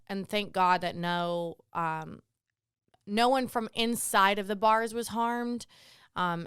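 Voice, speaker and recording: A woman bartender co-hosting a casual podcast, chatty and quick to laugh, often going off on tangents. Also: fairly low pitch, a bit bright, clean tone, no echo, clean studio sound. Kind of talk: casual chat.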